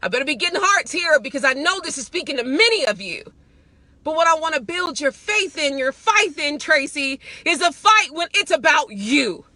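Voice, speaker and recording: A woman's voice: high voice, expressive, moderate pace, pushed and bright, dry recording. A middle-aged woman preaching live with fervour, often calling out to her listeners as y'all. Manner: fervent, calls out to listeners as y'all. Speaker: host and preacher.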